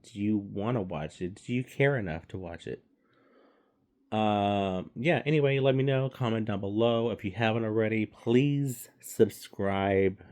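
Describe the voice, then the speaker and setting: A man's voice: fairly low pitch, a little mellow. A man giving a casual, rambling movie review, swearing freely and stumbling through fillers and restarts.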